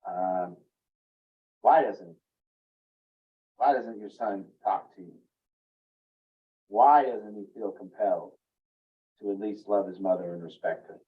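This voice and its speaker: A man's voice: slow pace, long pauses, recorded from a distance, lo-fi sound. A man giving a teaching talk to parents about relationships, speaking earnestly and acting out what a parent might say. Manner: earnest, acts out parents' inner voices in a raised pitch. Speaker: family recovery coach.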